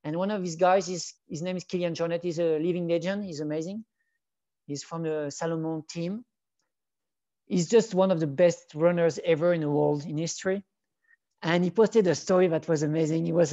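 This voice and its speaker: A man's voice: a little high, steady tone, moderate pace, dark tone, no echo. A man, chatting in an interview and telling stories with many restarts. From France. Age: 40s. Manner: rambling storyteller with frequent restarts, enthusiastic. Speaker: wedding photographer, guest. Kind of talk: casual interview chat. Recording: dull lo-fi audio.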